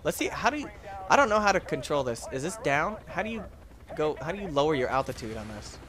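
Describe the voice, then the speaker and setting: A man hosting a let's play, commentating his own game with excitable jokes and yelps. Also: fairly high pitch, fast talker, a crowd in the background. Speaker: gaming channel host.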